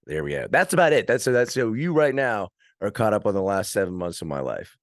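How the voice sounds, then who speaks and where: A man's voice: lowish voice, big pitch swings, brisk, no room sound, studio quality. A man, a podcast guest, chatting casually and telling rambling stories with frequent laughs. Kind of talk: casual chat.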